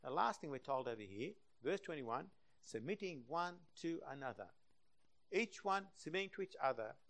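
A man preaching a sermon, swinging between loud passionate emphasis and hushed, quiet stretches. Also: on the high side, animated, moderate pace, vocal fry.

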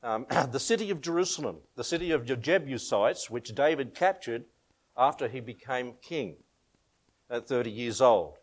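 A man's voice: medium pitch, animated, normal speed. A middle-aged Australian man preaching as a pastor. He reads scripture, leads a prayer and tells homely anecdotes with a laugh. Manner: chatty storytelling, laughs at his own anecdotes. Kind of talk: informal sermon with Bible reading.

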